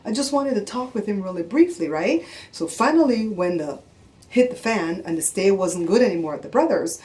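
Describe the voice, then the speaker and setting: A woman vlogger in middle age, speaking in a fairly low register. She tells a story casually and with exasperation, jumping into what others said. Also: brisk. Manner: animated, exasperated, acts out quotes.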